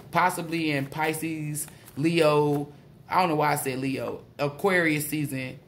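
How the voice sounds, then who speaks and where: A woman doing a casual spiritual tarot reading, excitable and blunt, swearing freely. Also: low-pitched, a little hiss or hum. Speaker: tarot reader.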